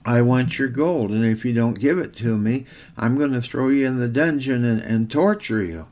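A man's voice: mid-range voice, moderate pace, a little mellow, natural voice. An older man voicing a greedy, threatening king in a told story, in a blustering, demanding way.

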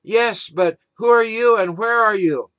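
A man voicing a desperate man hanging from a cliff, pleading and shouting for help. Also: high voice, unhurried, clear, resonant tone, pitched above the performer's own voice.

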